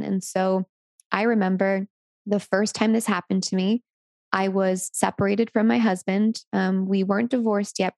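A woman in her thirties talks candidly and with encouragement, sharing an educator's frank and relaxed voice. Her voice has a gravelly fry running through it, at an ordinary middle pitch. The sound is dry and close, with no room around it. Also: no room sound. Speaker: sex educator.

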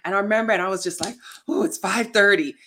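A woman guest on a podcast, chatting casually and telling animated stories in which she acts out what people said. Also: mid-range voice, quick pace, a little hiss or hum. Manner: animated storytelling, acts out quotes. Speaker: guest, plant-based lifestyle influencer.

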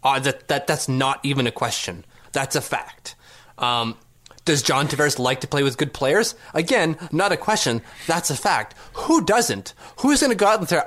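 A man's voice: medium pitch, expressive, moderate pace, a bit bright. A man hosting a sports podcast, ranting sarcastically with rhetorical questions. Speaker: podcast host. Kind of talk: casual sports podcast rant.

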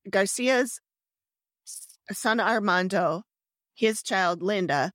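A woman's voice: mid-range voice, slow, a bit bright, no room sound, clean studio sound. A woman co-hosting a podcast, casually retelling a true crime story in a chatty way, laughing easily and trailing off mid-sentence. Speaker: podcast co-host.

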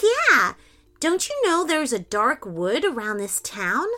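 A woman voicing a bold young girl who dreams of being a superhero, in a high, excited childlike voice. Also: slow, exaggerated voice. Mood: eager.

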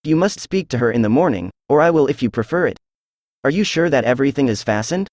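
An anxious young daughter from an audiobook, read by a synthesized man's voice. The delivery stays even and mid-pitched, with no change for the character. The sound is dry and close. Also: quick pace, no room sound, lightly acted.

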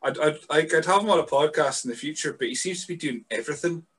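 Brief: male podcast host, laid-back and sweary, bright forward voice. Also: on the high side, fast talker, breathy edge. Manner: easygoing, sweary, hesitant with fillers. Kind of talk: casual podcast chat.

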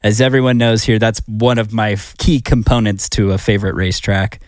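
A man's voice: on the low side, fairly even intonation, fairly quick, darkish tone, dry recording, clean studio sound. A man co-hosting a casual racing podcast chat, laughing often as he explains details. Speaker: podcast co-host.

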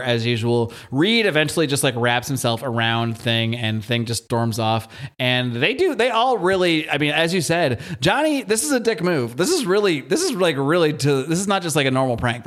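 A man's voice: mid-range voice, fairly bright tone. A young man co-hosting a podcast, rambling and joking through a comic book recap. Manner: rambling, jokey, many fillers. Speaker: podcast co-host.

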